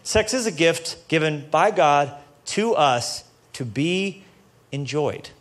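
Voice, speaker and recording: A man preaching a casual, joking sermon to a church audience, building up to loud, passionate peaks. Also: fairly high pitch, animated, slow pace. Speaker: pastor. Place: church stage before a live audience.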